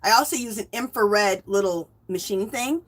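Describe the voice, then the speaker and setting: Bright chatty woman in her fifties. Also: mid-range voice, normal speed. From US West Coast. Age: 50s. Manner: chatty, greets viewers by name, rambling asides. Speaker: livestream host. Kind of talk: casual livestream chat.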